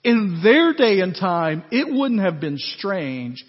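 A pastor delivering a conversational, animated sermon, often checking in with his listeners. His voice is high and a little husky. The recording is dull and lo-fi, with long reverb from a church sanctuary. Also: slow pace. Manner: conversational, animated preaching with asides to the congregation. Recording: echoey hall, dull lo-fi sound.

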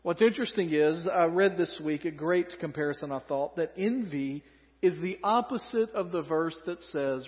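Southern pastor, high-pitched, chatty sermon delivery, long hall echo, dull lo-fi sound. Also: male voice, expressive, moderate pace. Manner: conversational, joking asides.

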